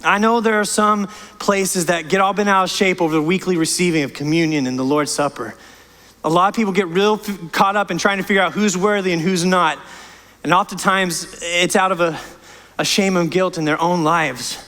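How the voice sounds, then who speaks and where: In a church sanctuary with a long reverb tail, a man preaches as pastor at a moderate pace. His voice sits high and has a sharp tone. He preaches with passion and emphasis, frequently repeating words and starting over.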